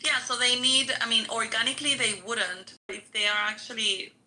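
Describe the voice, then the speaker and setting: A woman in a casual group podcast chat who laughs often and reads search results aloud slowly. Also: on the high side, bright, forceful tone, a little hiss or hum, rough recording.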